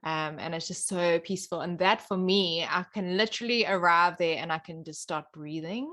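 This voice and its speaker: A woman's voice: fairly low pitch, normal speed, fairly bright tone. A woman from Africa, hosting a podcast and chatting enthusiastically over a video call. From South Africa. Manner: chatty, enthusiastic, many ums and likes. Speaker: podcast host. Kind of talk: casual interview chat.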